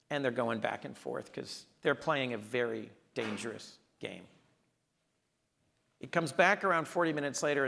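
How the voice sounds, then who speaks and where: A man's voice: mid-range voice, vocal fry, a bit bright. A man in his sixties, a senator speaking as the guest in an onstage conversation, telling earnest stories with emphatic delivery.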